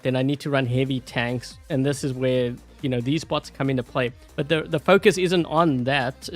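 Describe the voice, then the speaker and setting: A man with a South African accent giving rambling, casual gameplay commentary, full of fillers and laughing often. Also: on the high side. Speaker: gameplay YouTuber.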